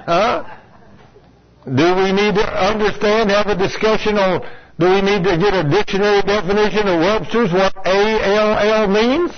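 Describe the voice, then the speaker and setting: A man's voice: high-pitched, fairly even intonation, normal speed, a little hiss or hum. A man preaching a sermon in a folksy, direct way, speaking to his congregation and acting out complainers. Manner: folksy, talks straight to the congregation, acts out complainers. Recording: lo-fi radio broadcast.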